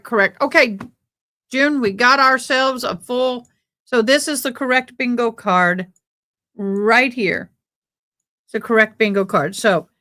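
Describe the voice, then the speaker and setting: Chatty woman host of a live stream, slow and unhurried, talks back to the comments. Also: a little high, pushed and bright. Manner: chatty, reads out viewer comments. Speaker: livestream host covering a trial. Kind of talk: casual live chat.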